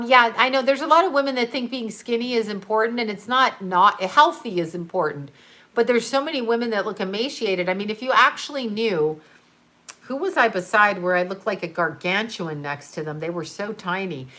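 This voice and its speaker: A woman's voice: mid-range voice, fairly bright tone. A woman hosting a livestream, chatting casually and rambling, laughing often as she answers viewers. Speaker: livestream host reading chat. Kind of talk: casual chat.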